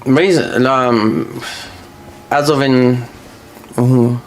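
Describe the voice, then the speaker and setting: A man's voice: medium pitch, fairly even intonation, extremely slow. A man chatting casually while he plays a video game, rambling through stories with many fillers and restarts. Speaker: gaming streamer.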